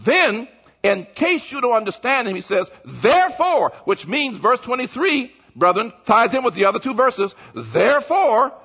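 A man preaching a sermon as pastor, swinging between shouted points and low, quiet asides. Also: expressive, normal speed, breathy edge. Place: church. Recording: muffled lo-fi recording.

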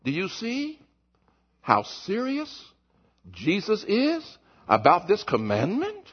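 A pastor preaching in church, a man whose high voice leaps around as he shouts one moment and drops low the next. There is a husky grain to his voice. The recording sounds dull and lo-fi. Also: wildly swooping pitch, slow. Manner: impassioned preaching, swings from shouts to low murmurs. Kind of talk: sermon. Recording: muffled lo-fi recording.

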